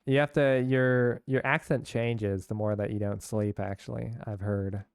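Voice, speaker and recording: A man's voice: on the low side, fairly even intonation, a little slow, gravelly, clear, resonant tone, dry recording, clean studio sound. A young man from San Francisco chatting casually with his chat while streaming a game, rambling and laughing along.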